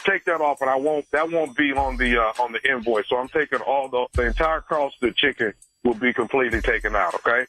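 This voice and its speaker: Man, radio prank caller, bright voice, hesitant, stumbling over fillers, music bed behind. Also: mid-range voice, a little fast, hardly any pauses, rough recording. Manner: hesitant, apologetic, full of fillers. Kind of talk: prank phone call.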